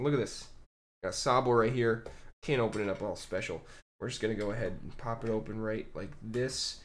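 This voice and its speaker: A man's voice: mid-range voice, normal speed, a bit bright, slight background noise. A man streaming live as he opens trading card packs, chatting to his viewers and the camera in a casual way and often repeating his phrases.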